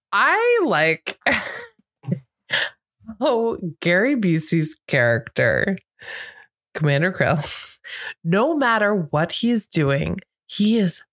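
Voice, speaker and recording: Woman, podcast co-host, giggly, lively pitch, unhurried delivery. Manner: giggly, halting, laughs often. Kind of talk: casual movie podcast chat.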